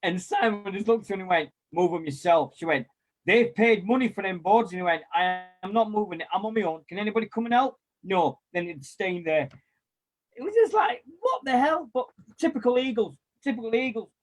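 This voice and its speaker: A man, chatting casually and telling lively anecdotes with mild swearing and quoted voices. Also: sits high, fairly quick. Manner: animated storyteller, mild swearing, acts out quotes. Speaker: former club volunteer and kit man.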